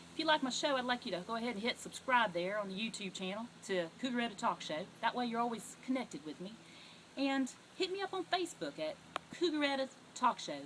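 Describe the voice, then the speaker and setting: A middle-aged Southern US woman telling stories as a comic talk show host, her voice sitting fairly high and swooping widely up and down. She speaks in a folksy, animated way, with a faint hiss of noise behind her. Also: low-quality recording. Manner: folksy, animated storytelling with sudden loud outbursts. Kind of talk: comedic monologue to camera.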